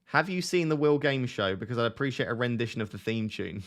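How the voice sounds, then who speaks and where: A man's voice: medium pitch, animated, quick pace. Casual man host, laughs at himself while chatting live to viewers. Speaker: fantasy football streamer. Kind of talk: casual live-stream chat.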